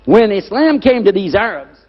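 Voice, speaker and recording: A man with a fairly high voice lectures on scripture, hammering single words and checking whether his audience is following. His voice rings through a long hall reverb. The recording sounds dull and lo-fi. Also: very animated, moderate pace. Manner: emphatic, repeats key words, asks the audience questions. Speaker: preacher.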